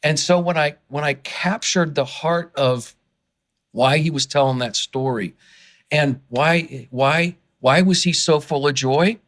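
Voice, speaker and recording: With a fairly high pitch and a measured pace, this man talks as a podcast interview guest who works in fundraising consulting. He's earnest and passionate, growing worked up and excited, restarting often and repeating words.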